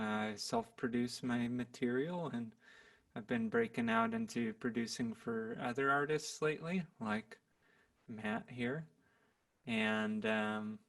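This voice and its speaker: 20s guy, musician guest, talks slow and easy, kinda gravelly, lots of ums. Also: medium pitch. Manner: relaxed, rambling, laughs easily. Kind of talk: casual podcast chat. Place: home recording room.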